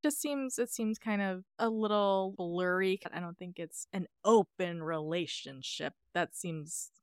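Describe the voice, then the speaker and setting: A woman's voice: on the low side, unhurried, clean tone, no echo, studio quality. A woman co-hosting a casual podcast, analyzing characters in a reflective, wry way and laughing often. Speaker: podcast co-host. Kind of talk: casual chat analyzing a TV episode.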